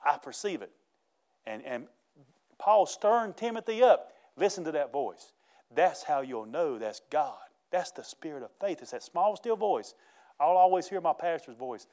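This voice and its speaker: A man preaching a lively, folksy sermon, laughing as he goes. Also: fairly high pitch, moderate pace. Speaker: pastor.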